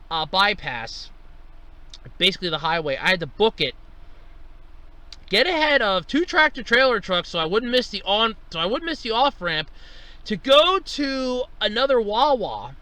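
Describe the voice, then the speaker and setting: A man's voice: high voice, bright, forceful tone. A man hosting a solo podcast, telling an everyday story in an exasperated, swearing ranting manner and jumping up in voice when he quotes himself. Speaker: podcast host. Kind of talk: solo casual rant.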